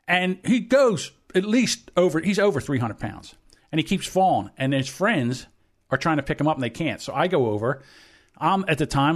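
A man of about sixty co-hosting a podcast, telling a long story bluntly and with plenty of swearing. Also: on the high side. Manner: profane, blunt anecdote-telling. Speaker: podcast co-host. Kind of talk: casual chat, storytelling.

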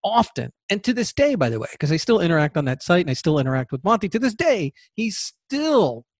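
A man's voice: high voice, very animated, fairly quick, no room sound, studio quality. A man hosting a podcast who talks casually and rambles, repeating words and going off on tangents. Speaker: podcast host.

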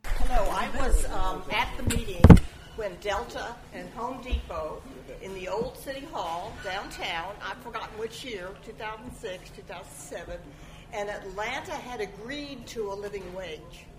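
A woman speaking at a teach-in, telling a story in a lively way and quoting others. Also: mid-range voice, a little slow. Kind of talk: impromptu public remarks. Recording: echoey room with noise.

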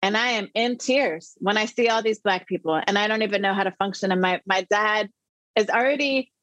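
A middle-aged woman, an interview guest, telling a personal story with animated emphasis. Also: mid-range voice, brisk, no echo. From the Netherlands.

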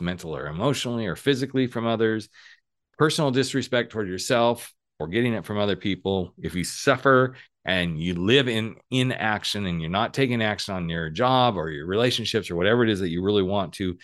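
A man hosting a solo motivational podcast, talking emphatically, with bright stressed words and dropped low asides. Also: dry recording, studio quality. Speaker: podcast host.

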